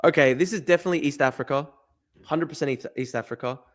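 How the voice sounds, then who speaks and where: A man streaming a guessing game, thinking aloud, swearing and getting excited. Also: a little high, fast. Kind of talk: live-stream commentary while playing a guessing game.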